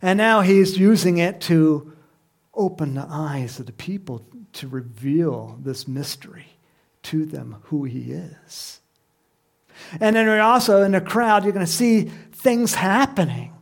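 A man preaching a sermon, animated, who acts out the crowd's shouts and reads scripture aloud. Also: high voice, a little slow, gravelly. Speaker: pastor.

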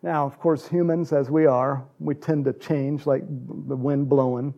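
A man's voice: mid-range voice, level tone, measured pace, creaky, mellow, dull audio. A middle-aged American man preaching a casual, rambling sermon full of stories, restarts and little chuckles. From United States. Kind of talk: conversational sermon with anecdotes.

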